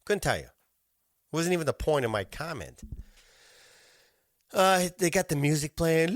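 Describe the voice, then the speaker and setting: A man's voice: on the high side, big pitch swings, normal speed, long pauses, no echo, clean studio sound. A man hosting a podcast, ranting in casual chat, swearing constantly and mocking people as he tells a story. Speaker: podcast host.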